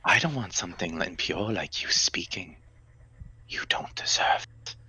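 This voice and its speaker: A man voicing a cruel, contemptuous spider-like monster in a hissing, breathy whisper, in whispered role-play. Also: fairly low pitch, extremely slow, bright, forceful tone, pitched above the performer's own voice, exaggerated voice.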